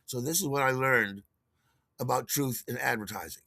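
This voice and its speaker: Bright-voiced older man telling stories. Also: normal speed, gravelly, no echo, studio quality. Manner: animated, acts out quotes in a higher voice; rambling with restarts and chuckles. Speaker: podcast host. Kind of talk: casual storytelling monologue.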